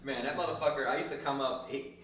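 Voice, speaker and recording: A man's voice: mid-range voice, quick pace. A man hosting a podcast, telling a profane story in casual chat and acting out the people in it. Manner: animated, profane storyteller who acts out voices. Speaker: podcast host. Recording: echoey room, distant mic, faint hiss.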